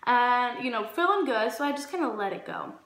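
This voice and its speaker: A woman's voice: on the high side, fairly quick. Chatty young woman telling a story. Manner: animated storytelling, acts out quotes. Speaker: vlogger. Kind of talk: casual story time. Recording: echoey room with faint music.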